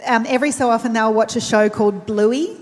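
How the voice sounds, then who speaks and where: Woman, Australian accent, higher voice, earnest panel talk, echoing event hall. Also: fairly quick, darkish tone. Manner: earnest, personal, with frequent restarts. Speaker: panelist and keynote speaker. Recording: long reverb of a large event hall.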